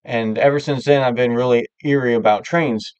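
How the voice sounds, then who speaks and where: A man's voice: medium pitch, fairly even intonation, normal speed, darkish tone, smooth, dry recording, dull audio. A man hosting a live stream, talking candidly and rambling with many filler words in casual chat. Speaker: livestream host.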